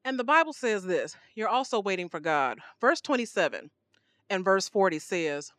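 A woman's voice: medium pitch, normal speed, dry recording. A woman preaching a sermon on a podcast, emphatic and full of rhetorical questions, her voice rising and dropping. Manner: emphatic, rhetorical questions, animated swings in volume.

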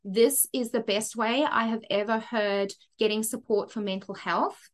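A woman from Zimbabwe, a podcast guest candidly telling her personal story with lively asides and frequent "right?". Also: fairly high pitch, unhurried.

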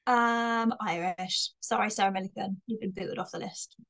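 A woman's voice: medium pitch, steady tone, normal speed, vocal fry, fairly bright tone. A young woman from Bristol with a light Bristolian accent, a comedian chatting casually in an interview and laughing often. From Bristol, England. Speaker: comedian guest.

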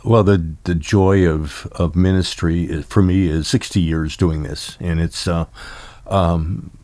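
An older man, a pastor hosting an interview, talking in a halting, folksy way. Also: sits low, fairly even intonation, a little mellow, no room sound. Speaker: pastor and host. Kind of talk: casual interview chat.

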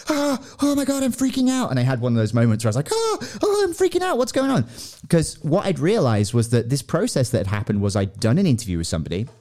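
A man in his thirties co-hosting a podcast, telling a story in casual chat and acting out quotes with excitement. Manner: animated, acts out quotes in a high excited voice. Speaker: podcast co-host.

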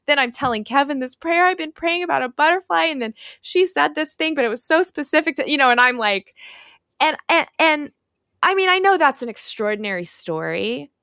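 A woman's voice: high-pitched, animated, brisk, creaky, bright, forceful tone, no room sound, studio quality. A middle-aged woman, an author and pastor, earnestly telling a personal faith story as a podcast guest, acting out quoted voices.

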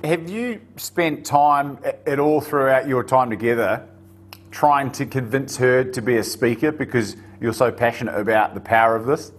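A man, an animated and self-deprecating storyteller in casual conversation. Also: medium pitch, normal speed.

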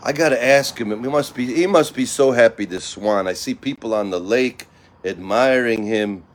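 A man telling a fable in a loose, relaxed way, repeating words as he goes. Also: medium pitch, normal speed. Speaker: storyteller. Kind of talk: casual spoken fable.

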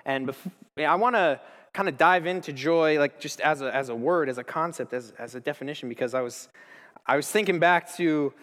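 A man's voice: on the high side, brisk, a bit bright, big-room sound. A young man in his twenties giving a casual, enthusiastic church talk full of stories, slang and restarts. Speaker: speaker at a church gathering. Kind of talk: informal sermon with storytelling.

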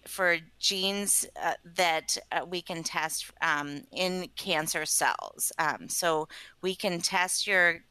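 A woman's voice: fairly low pitch, slow pace, pushed and bright, smooth, no room sound, low-quality recording. A woman who works as a scientist and advocate, explaining earnestly in a podcast interview with frequent ums. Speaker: patient advocate and company scientist.

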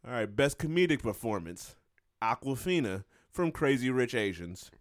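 A man co-hosting a relaxed podcast chat, his voice rising and falling a lot as he reads through lists in a playful, joking way. He laughs often. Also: medium pitch, normal speed, no echo, clean studio sound. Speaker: podcast co-host.

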